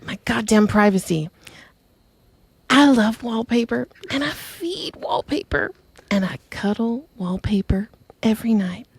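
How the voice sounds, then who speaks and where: A woman voicing a sweet, prim old church-lady grandmother who talks slowly and dotingly. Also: a little high, expressive, husky, dry recording, heavily acted.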